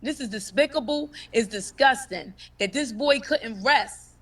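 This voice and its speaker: A woman's voice: a little high, a little slow, fairly bright tone, breathy edge, distant mic. A grieving mother speaking on a livestream in an impassioned, emphatic way, often repeating herself. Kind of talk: emotional livestream testimony.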